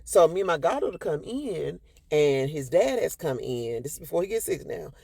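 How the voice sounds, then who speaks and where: A woman's voice: sing-song, normal speed, creaky, mellow, husky, no echo. A woman, telling a personal story to her followers in a sassy, emphatic way and acting out what people said. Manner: sassy, emphatic, acts out quotes with big pitch jumps.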